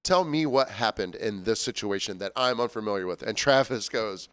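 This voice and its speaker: A man's voice: lowish voice, animated, normal speed, few pauses, fairly bright tone, clean tone. A man co-hosting a podcast, chatting casually and telling stories with impressions of people. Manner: storytelling, mimics people. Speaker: podcast co-host. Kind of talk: casual chat.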